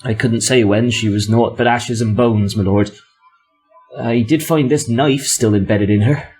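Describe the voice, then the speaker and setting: A man's voice: mid-range voice, measured pace, darkish tone, husky, soft background music. A man putting on a terrified West Country servant. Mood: fearful. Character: terrified male peasant servant, hushed.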